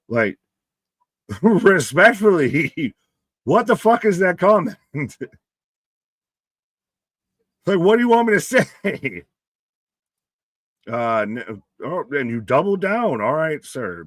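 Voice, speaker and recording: A man's voice: mid-range voice, a bit bright, no echo. Profane, laughing man on a dry mic. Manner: loose, profane, laughing, talks to chat by name. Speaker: live stream host and wrestling commentator. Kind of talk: casual live-stream commentary reading chat.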